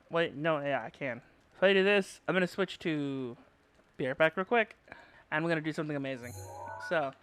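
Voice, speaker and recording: A man streaming a game live as a VTuber, excitable, yelling and bantering with his chat. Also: fairly high pitch.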